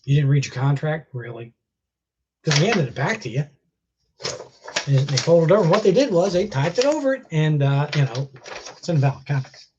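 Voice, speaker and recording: A man's voice: fairly high pitch, big pitch swings, brisk, pauses often, background noise. Guy with a chest cold ranting on a live stream, blunt and sweary, kinda muffled lo-fi sound. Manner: blunt, scolding, swears freely. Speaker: vlogger. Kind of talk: casual live stream rant.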